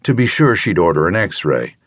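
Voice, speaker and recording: A man narrating a thriller audiobook in a measured, even storytelling manner. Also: low voice, breathy edge, no room sound, clean studio sound. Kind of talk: scripted narration.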